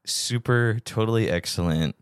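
A man's voice: fairly low pitch, moderate pace, smooth, dry recording, clean studio sound. A man hosting a casual podcast chat, joking and laughing often. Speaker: podcast host.

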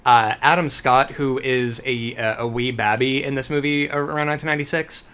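A man co-hosting a podcast, chatting casually about horror movies, animated and profane with jokey asides. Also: medium pitch, brisk, smooth. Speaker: podcast co-host.

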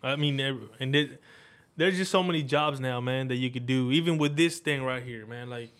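A man from Mexico talks loosely as an interview guest, full of slang, cursing and false starts. His pitch sits in an ordinary middle range for a man, and he wanders from point to point in a relaxed, conversational way. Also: normal speed, smooth. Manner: slangy, profane, rambling with restarts. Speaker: guest, shop owner and cook. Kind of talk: casual interview chat.

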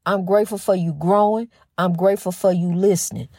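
A middle-aged woman hosting a faith-based talk program in a casual spiritual monologue. She talks fast with a slight stutter, restarts often, and keeps calling her listeners "honey". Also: lowish voice, steady tone, mellow, slightly rough, dry recording, clean studio sound. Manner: folksy and emphatic, says "honey" often.

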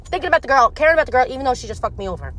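High-voiced young woman ranting. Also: rapid-fire, a little hiss or hum. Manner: animated, profane and rambling. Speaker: storyteller. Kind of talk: casual storytelling.

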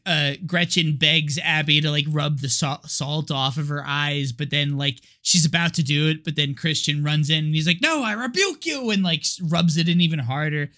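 Excitable, bright-voiced male podcast host. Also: a little high, moderate pace, hardly any pauses. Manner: laughs often, heavy filler words, excitable. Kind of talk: casual movie discussion.

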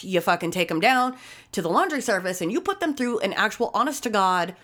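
A woman's voice: mid-range voice, lively intonation, fairly quick, a bit bright. Female podcast co-host, blunt and emphatic, swears freely, mid-range voice. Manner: profane, emphatic storyteller. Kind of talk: casual storytelling chat.

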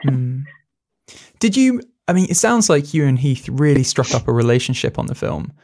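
A man interviewing a guest, asking questions and adding short, quiet reactions. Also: mid-range voice, big pitch swings, normal speed. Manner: brief murmured reactions, soft-spoken.

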